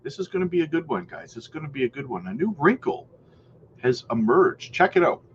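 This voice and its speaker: A man hosting a crypto news channel, giving casual market commentary in a chatty, hedging way, with many fillers and frequent throat clearing. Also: fairly high pitch, sing-song, brisk, muffled recording, slight background noise.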